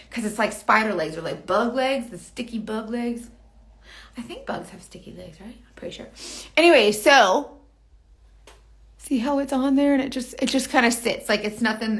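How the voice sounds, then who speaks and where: A woman's voice: a little high, fairly bright tone. A young woman giving a casual, rambling makeup tutorial. She chats to herself as she works. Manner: rambling, chatty, talks to herself while working. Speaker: beauty vlogger.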